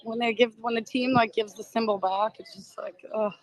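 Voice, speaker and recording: A middle-aged woman with a Boston accent hosts a casual livestream outdoors in a crowd, filming on a phone mounted on a selfie stick. Her voice is a little high and steady in tone, and she talks a little fast, chatty and emotional, laughing often and greeting viewers. The recording is rough.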